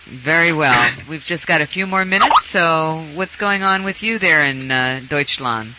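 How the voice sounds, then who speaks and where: A man's voice: a little high, expressive, a little slow, very noisy. A man hosting a casual call-in chat from a studio, teasing and playful. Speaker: host. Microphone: studio mic.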